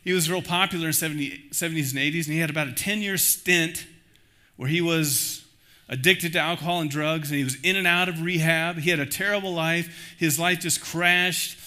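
A man pastor preaching a sermon in an animated way, acting out the voices he quotes. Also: on the high side, fairly quick.

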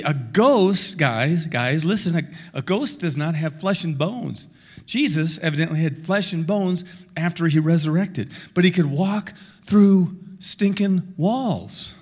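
A middle-aged man delivers a sermon with animated, conversational energy. His voice sits somewhat high for a man, and he often breaks off to talk straight to the congregation. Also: normal speed. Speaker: pastor.

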